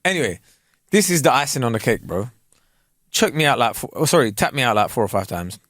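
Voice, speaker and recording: A man, co-hosting a podcast and telling a story in a casual, animated way full of slang. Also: medium pitch, brisk, no echo, clean studio sound. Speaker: podcast co-host. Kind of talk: casual chat.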